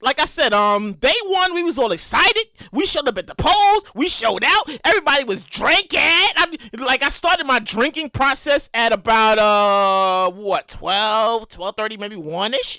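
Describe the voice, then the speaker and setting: A woman with a New York accent hosting a podcast, telling stories in a casual, animated, profane way with exaggerated reenactments. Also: on the high side, moderate pace, dry recording. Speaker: podcast host. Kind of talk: casual storytelling monologue.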